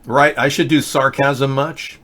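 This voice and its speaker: A man's voice: mid-range voice, fairly even intonation, measured pace, sharp tone. A man hosting a casual live political video chat, reading viewer comments and tweets aloud with a sarcastic, rambling manner. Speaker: livestream political show host.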